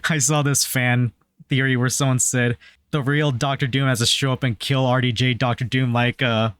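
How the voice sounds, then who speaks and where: A laid-back man talks over a film on a podcast, tossing in trivia and the odd swear word. He speaks at a middling pitch, and the recording is dry and close-miked. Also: normal speed, smooth, dry recording. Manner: relaxed, swears casually, adds trivia. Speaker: podcast co-host. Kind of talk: casual movie review chat.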